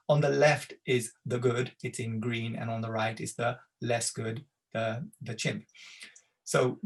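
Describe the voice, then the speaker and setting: A man's voice: medium pitch, vocal fry. Male tutor, conversational slide talk for parents, set back from the mic. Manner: conversational, explaining with fillers. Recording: voice from a distance from the mic.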